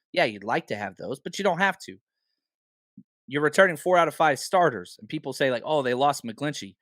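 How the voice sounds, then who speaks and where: A man hosting a casual sports podcast, animated and firing off rhetorical questions, a bit hoarse from talking a lot. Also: on the high side, no room sound, clean studio sound. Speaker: podcast host.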